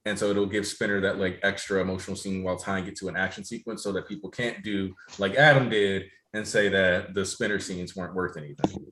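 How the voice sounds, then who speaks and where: Low-voiced man in an echoey room. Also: steady tone, a little fast, fairly bright tone, slight background noise. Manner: reads viewer comments aloud. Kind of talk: casual livestream chat.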